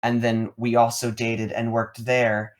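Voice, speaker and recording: A man's voice: mid-range voice, monotone, a little slow. Rambling man in his thirties. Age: 30s. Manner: rambling, repeats words, many fillers. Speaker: podcast co-host. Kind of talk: casual storytelling chat.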